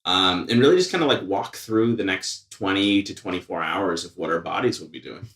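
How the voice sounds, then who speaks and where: A man's voice: sits low, fairly quick, a bit bright, far from the mic. A man co-hosting a casual podcast chat with a dry, self-mocking, jokey manner. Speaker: podcast co-host. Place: indoor room with an audience of one. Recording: echoey room.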